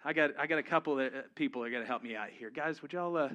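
A man's voice: medium pitch, very fast, sharp tone, highs cut off. A man preaching a sermon to his congregation, conversational and humorous, rising to emphatic peaks. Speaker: pastor. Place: church before a live congregation.

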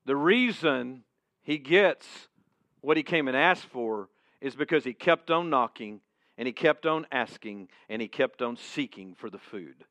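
A male preacher tells a sermon story in the second person and drops to a hush at key points. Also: mid-range voice, animated, unhurried, no room sound. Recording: dull, dry sound.

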